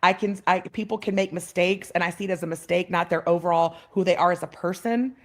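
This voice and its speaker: Low-voiced woman telling her life story. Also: steady tone, fast talker. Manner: heartfelt, many fillers and restarts, acts out voices in her story. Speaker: podcast guest. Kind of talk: personal storytelling.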